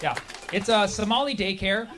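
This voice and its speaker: A man's voice: high voice, normal speed, heavy background noise. A man performing a sarcastic stand-up comedy set, acting out the people he quotes. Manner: sarcastic, acts out quoted voices.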